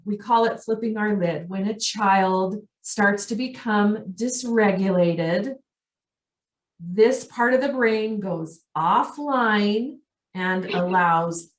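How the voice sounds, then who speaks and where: A woman's voice: mid-range voice, reverberant. A woman giving an online parenting training, explaining step by step and acting out what children and parents say. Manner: explains warmly, acts out quoted voices of kids and parents. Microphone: video call.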